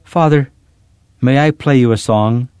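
A man voicing an earnest young girl who pleads with her father, lifting his voice higher for her. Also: unhurried, smooth, dry recording, clean studio sound, natural voice. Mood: tender. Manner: earnest, pleading, rising to shouts.

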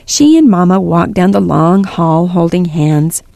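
A woman narrating a storybook in an even, measured reading voice. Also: fairly low pitch, creaky, no room sound, studio quality. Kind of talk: storybook read-aloud narration.

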